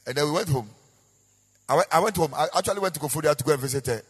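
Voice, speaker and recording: A man with a Ghanaian accent preaches a sermon as a pastor, his fairly high, breathy-edged voice coming rapid-fire. His sing-song, repetitive delivery uses sung, rising and falling emphasis, recorded in an echoey hall with long reverb.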